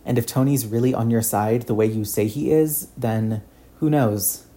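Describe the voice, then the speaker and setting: A man's voice: medium pitch, fairly even intonation, moderate pace, dark tone, close to an everyday voice. A man playing a fierce fatherly soldier. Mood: firm.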